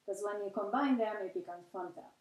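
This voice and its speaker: A female percussionist calmly explaining how to practise a drum rudiment. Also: medium pitch, a little fast. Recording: echoey room with music.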